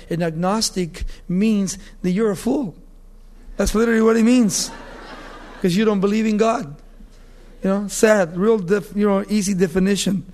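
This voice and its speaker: High-voiced man preaching a sermon. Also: a little mellow. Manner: emphatic preaching, slowing to read scripture; acts out quoted voices. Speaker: pastor.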